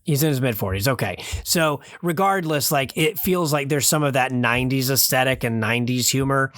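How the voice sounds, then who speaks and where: A podcast co-host reviewing a film in casual conversation rambles hesitantly, full of fillers and restarts. His mid-range, slightly bright voice goes a little fast, and the remote call mic gives a dry, close sound with no echo.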